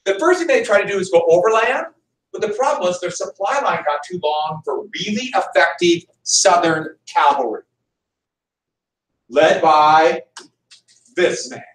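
A middle-aged American man teaching a history class, telling stories in an animated, joking way. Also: high-pitched, a little slow. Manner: animated, jokey storyteller with laughs. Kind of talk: classroom lecture with storytelling. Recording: roomy classroom audio from a distance.

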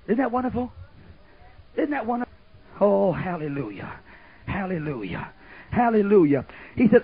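A man preaching a sermon, swinging from loud fervor to hushed asides and chuckles. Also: sits high, expressive, moderate pace, slightly rough. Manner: fervent preaching, swings from shouts to hushed asides, laughs often. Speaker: pastor. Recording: muffled old tape recording.

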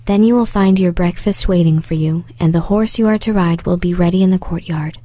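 Stern storybook beast, male, grim and quietly threatening, mellow dark tone, read by a woman. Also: fairly low pitch, a little fast, no room sound, close to an everyday voice.

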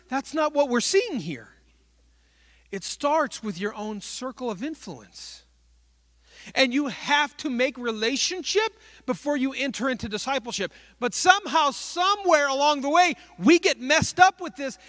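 Male preacher, high and bright, dry close sound, animated storyteller. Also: unhurried, no room sound. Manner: animated storytelling, acting out little dialogues. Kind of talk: sermon. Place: church.

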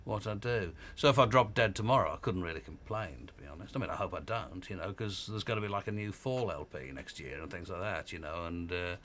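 A man's voice: sits low, a little fast, few pauses, a bit bright, a little hiss or hum. A man in his fifties, a radio DJ, talking in a wry, self-deprecating and rambling way in an archive interview. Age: 50s.

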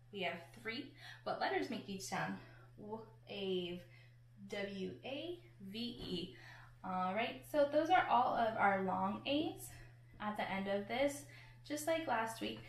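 A woman teacher giving a patient phonics lesson to children, sounding out words and letters one at a time. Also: mid-range voice. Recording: echoey room.

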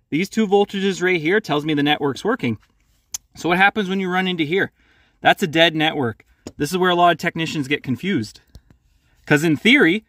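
Higher-voiced mechanic, plain-spoken. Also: male voice, a bit bright, dry recording. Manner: plain-spoken, hands-on, practical. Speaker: mechanic, channel host. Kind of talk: casual how-to tutorial.

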